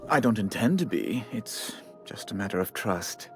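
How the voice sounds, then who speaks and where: A man's voice: on the low side, lively intonation, normal speed. An actor voicing a fussy, condescending male corporate bureaucrat in a video game, with a prim, theatrical delivery. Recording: soft game music behind.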